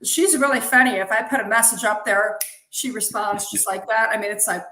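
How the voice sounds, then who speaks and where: Speaking a little fast, this woman has a medium-pitched voice that's bright and forceful. As the zine's head witch and an interview guest, she chats casually and eagerly, heaping praise on her coworkers. Her voice echoes in the room.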